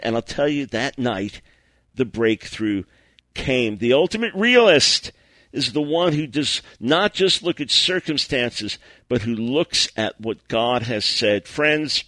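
A man preaching a sermon as a story, animated and acting out the dialogue, with frequent stammered restarts. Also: mid-range voice, takes it slowly, no room sound.

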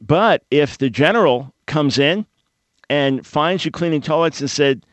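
A man's voice: a little high, animated, measured pace, dry recording. A male talk radio host speaks into a studio microphone in a plainly teaching, emphatic manner. He builds his points with simple everyday analogies. The sound is close and dry, with no room around it. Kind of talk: call-in talk radio monologue.

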